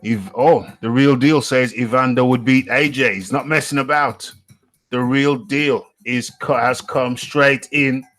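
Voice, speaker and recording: A man's voice: mid-range voice, steady tone, unhurried, a bit bright. A man from the UK hosting a live show, reading out the chat in a playful, repetitive way and chuckling often. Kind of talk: casual live-stream chat.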